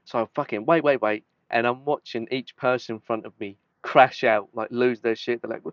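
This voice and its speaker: A man's voice: medium pitch, normal speed, few pauses, no echo, lo-fi sound. A young man telling a sweary story in casual chat, acting out the people in it. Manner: sweary, animated, acts out quotes. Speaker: podcast host telling a story.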